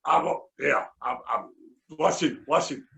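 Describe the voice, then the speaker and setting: A man's voice: mid-range voice, a little slow, gravelly, fairly bright tone. A Scottish man co-hosting a podcast in casual chat, emphatic and repeating his points. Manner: emphatic, repeats himself, says listen. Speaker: podcast co-host.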